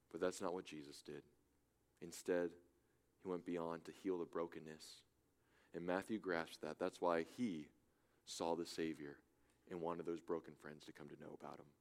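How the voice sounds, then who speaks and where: A man preaching a sermon as a church pastor, swinging between loud urgent appeals and hushed, soft pleas. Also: low-pitched. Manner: impassioned, swings from loud urging to hushed softness. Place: church in Germany.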